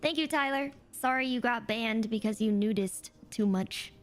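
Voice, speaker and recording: Female reaction host, chatty, amused commentary, higher-pitched. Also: moderate pace, noisy background.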